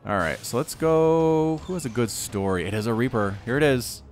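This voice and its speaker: A man casting a strategy game, excitable and quick to shout at big plays. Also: mid-range voice, soft background music. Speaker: game caster. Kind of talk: live strategy game commentary.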